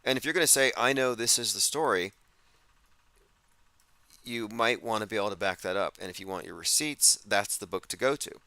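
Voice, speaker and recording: A man with a fairly low voice hosts a casual livestream. His tone is forceful and sardonic, and he reads viewer comments aloud. The sound is dry and close, with no room echo. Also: a little fast. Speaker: host.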